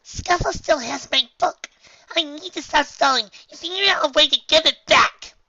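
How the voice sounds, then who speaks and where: High, eager pony filly in a storybook, voiced by a reader, lo-fi sound. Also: normal speed, sharp tone, a little hiss or hum, exaggerated voice. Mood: frustrated. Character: spirited young unicorn filly, earnest.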